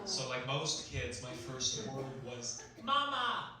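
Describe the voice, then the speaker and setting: A young male comic at a handheld mic on stage, a dry and quick deadpan delivery with bursts of loud punchlines. His voice booms around a very echoey room, picked up from a distance with loud noise underneath. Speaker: stand-up comedian. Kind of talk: stand-up comedy set. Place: comedy club stage before a laughing audience. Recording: echoey club recording from far off, loud noise.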